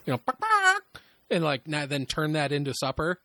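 A man in casual chat who describes himself as loud, telling animated and profane stories. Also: fairly high pitch, fast talker, no echo.

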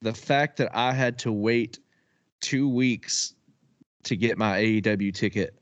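Male co-host, excitable and loose, laughs easily, dry close mic. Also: fairly low pitch, a little slow, dry recording, lo-fi sound. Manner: excitable, laughs often, swears casually. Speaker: podcast co-host. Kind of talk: casual chat.

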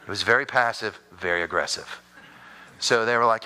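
Bright-voiced animated male pastor preaching. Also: quick pace, clean tone. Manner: animated storytelling preacher with sudden high-pitched bursts. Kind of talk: sermon.

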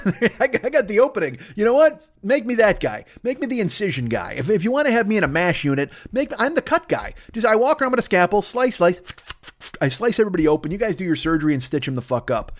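Fast-talking profane man ranting. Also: fairly high pitch. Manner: profane, rambling, self-deprecating. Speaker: podcast host. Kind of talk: solo comedy podcast rant. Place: home office at a desk.

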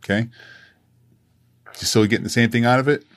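A man's voice: medium pitch, steady tone, fairly quick. A man hosting a podcast interview, engaged and asking summarizing questions. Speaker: podcast host. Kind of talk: conversational interview.

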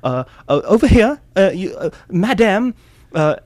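A hammy, pompous English gentleman, as a man puts him on, swooping high and low in a mock upper-class accent. The voice sits high for a man and stays dry and close. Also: very animated, unhurried, dry recording.

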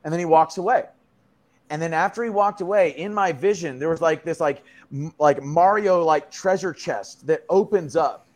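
A man's voice: fairly high pitch, moderate pace. Slangy man telling a story casually. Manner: loose, slangy, full of fillers and swearing. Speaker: podcast guest.

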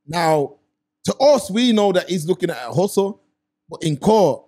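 A man's voice: sits high, big pitch swings, normal speed, dark tone. A young man, co-hosting a casual chat show and explaining his point with examples. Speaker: podcast co-host.

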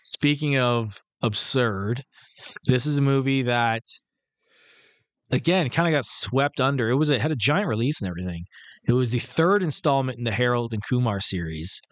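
A man's voice: mid-range voice, animated, moderate pace, no echo. A man co-hosting a podcast, chatting casually about movies, rambling and swearing, acting out scenes as he goes. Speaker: podcast co-host. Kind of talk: casual profane movie chat.

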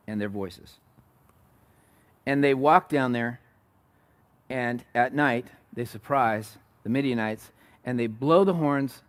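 A pastor preaches a conversational sermon, climbing to loud, emphatic peaks and then dropping to soft, low asides. There's no echo on the recording.

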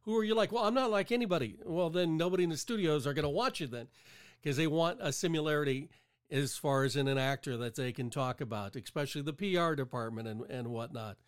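A man of middle pitch hosts a casual interview. He asks leading questions and responds to his guest with encouragement, drawing on his work coaching young talent. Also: a little fast, clear, resonant tone.

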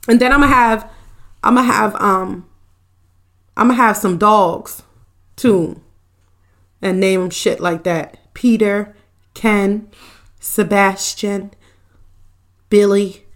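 A young woman with a medium-pitched voice hosts her podcast as a loose, casual chat with live viewers. She jokes constantly, swears freely, and breaks into laughter often. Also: fairly even intonation, slow pace, pauses often. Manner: joking and profane, laughs often. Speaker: podcast host.

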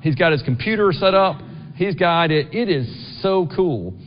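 With a fairly high, expressive voice at a moderate pace, a middle-aged pastor gives a conversational sermon in a church sanctuary, peppered with "right?" directed at the congregation. The sound is dull with a long reverb tail.

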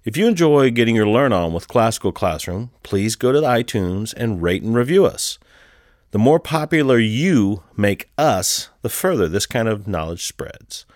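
A man's voice: fairly low pitch, moderate pace, no room sound, studio quality. A man, the show's editor, giving a jokey scripted introduction. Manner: jokey, playful, animated delivery. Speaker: show editor.

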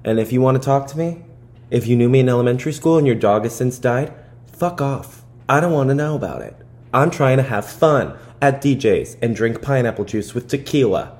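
A young man with a New Jersey accent, hosting a podcast and ranting in an animated, profane, exaggerated way from a basement. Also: mid-range voice, brisk. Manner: animated, profane, hyperbolic ranting with frequent laughs. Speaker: podcast host. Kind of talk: casual comedic monologue. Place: parents' basement.

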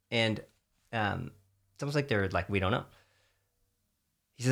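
A man's voice: lowish voice, moderate pace, creaky. A man with a Texan accent, co-hosting a casual chat about faith and explaining scripture in an earnest, storytelling way. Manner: earnest, storytelling, filler-heavy.

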